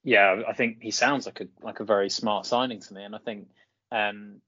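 A man chats about football as a podcast co-host, full of "you know" and little restarts. The sound is dry and close, with slightly muffled highs. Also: steady tone, moderate pace, pushed and bright, husky, dry recording. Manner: chatty, many fillers and restarts. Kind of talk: casual football chat.

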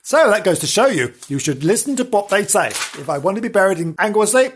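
A woman's voice: mid-range voice, very animated, a little fast, slight background noise. A woman hosting a podcast, telling a ghost story in a theatrical, jokey way, with gasps and repeated words. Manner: theatrical, gasping and jokey, with self-interrupting repetitions. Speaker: podcast host. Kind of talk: playful storytelling podcast chat.

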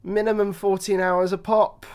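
A man co-hosting a podcast in casual chat, dry and teasing with quick interjections. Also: sits high, level tone, a little mellow, smooth. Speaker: podcast co-host.

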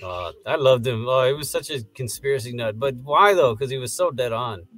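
A man's voice: mid-range voice, animated, fairly quick, fairly bright tone, dry recording. Joking man chatting on a podcast. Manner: loose, joking, with fillers. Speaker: podcast co-host. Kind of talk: casual chat.

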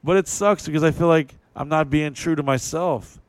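A man's voice: on the high side, moderate pace, dry recording. A man hosting a podcast, talking in a loose, rambling way, swearing a lot and hammering his points home. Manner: profane, rambling, emphatic. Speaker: podcast host. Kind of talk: casual chat.

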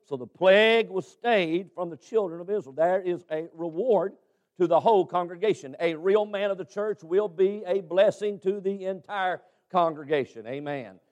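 A man preaching a sermon, fervent and exhorting, who swings from loud urging to quiet asides and keeps saying amen. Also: sits high, normal speed, muffled recording.

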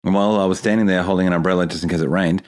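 Male co-host, australian accent, very deep voice, rambling and excitable storyteller. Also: very fast. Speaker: podcast co-host. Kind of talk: casual chat.

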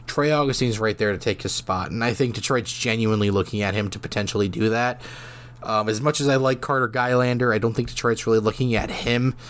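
A man hosting a solo hockey podcast, talking casually with lots of fillers and restarts while he has the hiccups. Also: medium pitch. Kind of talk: solo sports podcast talk.

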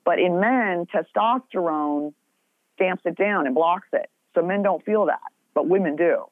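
A woman's voice: lowish voice, unhurried, no echo. Blunt middle-aged woman on a tinny line. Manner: blunt, profane, rambling. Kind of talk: casual podcast chat. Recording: tinny phone-like sound.

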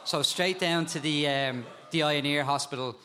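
A man with an animated way of telling stories, a guest talking casually about insects and spiders and laughing at times. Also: on the high side, moderate pace, slight background noise. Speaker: guest, insect and frog expert. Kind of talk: casual storytelling chat.

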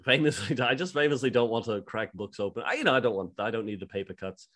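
A man's voice: mid-range voice, expressive, fast, a bit bright. A man doing a dry old Liverpool Lennon. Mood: wry. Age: 70s. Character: elderly John Lennon impression, dry and rambling. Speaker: host. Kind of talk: improvised comedy podcast impression.

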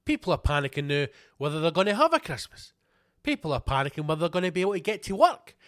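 A man's voice: on the high side, sing-song, fast talker, a bit bright, no room sound, clean studio sound. A Scottish man hosting a podcast, ranting angrily with heavy swearing and repeated rhetorical questions. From Scotland. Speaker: podcast host. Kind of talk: ranting monologue.

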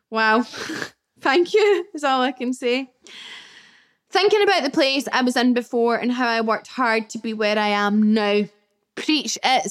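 A young woman hosting her own podcast from her flat, chatting candidly, swearing casually, and reacting to listener comments she reads aloud. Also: a little high. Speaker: podcast host. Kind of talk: casual solo podcast chat.

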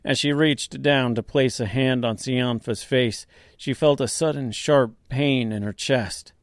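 A man narrating a dark fantasy audiobook serial, reading slowly and deliberately. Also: medium pitch, no room sound, clean studio sound. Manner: slow, deliberate reading with quiet voiced dialogue.

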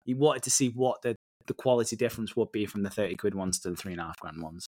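A man's voice: on the low side, fast, darkish tone. British male podcast co-host, laid-back recapper who swears freely. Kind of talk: casual chat.

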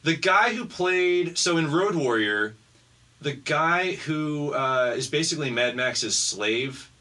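A man's voice: a little high, animated, takes it slowly, pushed and bright. A man from Baltimore, a podcast guest, telling stories in chatty casual conversation. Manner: chatty, laughs often, storytelling. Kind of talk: casual chat.

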